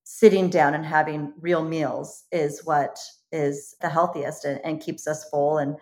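A woman with a somewhat low voice, a cookbook author guesting on a casual interview. She speaks earnestly and thoughtfully, pausing and restarting now and then. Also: flat delivery, darkish tone.

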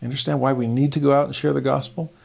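A man with a gravelly, fry-edged voice at a middle pitch, teaching scripture in a devotional lesson. He reads verses slowly and earnestly, pressing upward in emphasis on key phrases. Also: little pitch movement, darkish tone. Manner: slow, earnest reading of verses with emphatic rises.

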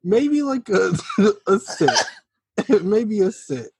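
A man's voice: high-pitched, expressive, extremely slow, a little mellow, breathy edge, no echo. A man co-hosting a podcast, laid-back, swearing casually and laughing often. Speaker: podcast co-host. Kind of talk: casual chat.

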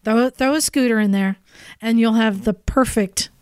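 A woman's voice: fairly high pitch, normal speed, a little mellow, clean tone, no echo, studio quality. A woman hosting a casual podcast chat, reading listener emails aloud in an upbeat, chatty way with asides. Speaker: podcast host.

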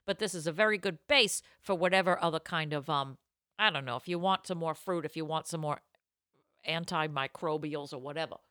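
A woman's voice: low voice, brisk, sharp tone, no room sound, studio quality. A woman hosting a casual podcast chat, tasting a cocktail and cracking playful, salty jokes over a video call. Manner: playful, wisecracking, swears casually. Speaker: podcast host.

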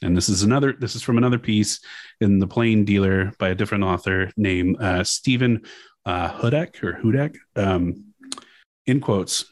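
Low-voiced man on a dry mic. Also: no room sound. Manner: casual, profane, halting with fillers. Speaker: podcast host. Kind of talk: casual chat reading news quotes aloud.

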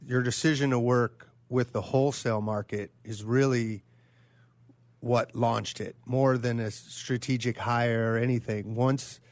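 A man's voice: medium pitch, fairly even intonation, a little slow, no room sound. A man co-hosting a podcast, asking long, hesitant questions with many restarts. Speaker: co-host. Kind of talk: casual interview chat.

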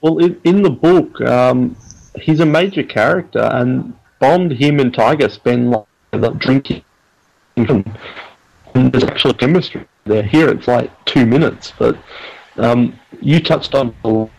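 Man, gravelly voice, wry, casual film chat, um-filled. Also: medium pitch, a little slow, a little mellow, rough recording. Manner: wry, knowledgeable, frequent ums.

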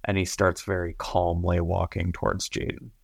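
A man's voice: sits low, completely flat delivery, moderate pace, gravelly, breathy edge, no room sound, studio quality. A man playing a tabletop game who describes his actions hesitantly, with many fillers. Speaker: player. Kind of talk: casual tabletop play.

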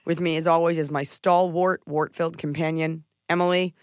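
A woman's voice: low-pitched, little pitch movement, brisk, clean tone, dry recording, clean studio sound. A woman hosting a comedic podcast, chatting in a playful, jokey, rambling way. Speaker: podcast host. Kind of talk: casual comedic podcast chat.

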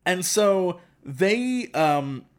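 A man co-hosting a casual podcast, recapping a movie with sarcastic, animated storytelling and mock quotes. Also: high voice, extremely slow. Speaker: podcast co-host.

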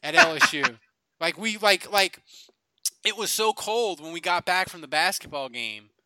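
Middle-aged man from Louisiana, rambling casual storyteller, slightly high bright voice, dry recording. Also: expressive, moderate pace, a little hiss or hum. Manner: rambling storyteller, many restarts and fillers. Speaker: podcast co-host. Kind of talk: casual sports chat.

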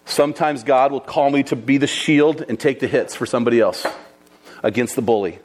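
A man preaching a sermon, retelling a martyr story in a lively, conversational way. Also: medium pitch, fairly quick. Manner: lively, conversational, addresses listeners as guys.

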